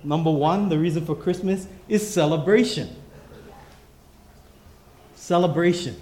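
A pastor preaching a sermon in emphatic, repeating refrains. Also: male voice, a little high, unhurried, a little mellow, reverberant.

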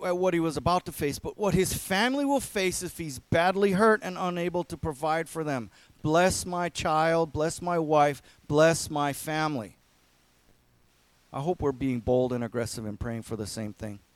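A man preaching a sermon as a pastor in an earnest way, swinging between emphatic lines and hushed ones. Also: a little high, dry recording.

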